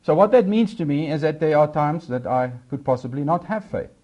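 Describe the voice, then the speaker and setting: A man preaching a sermon, swinging between loud, emphatic lines and quieter asides. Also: on the high side, expressive, brisk, dull audio.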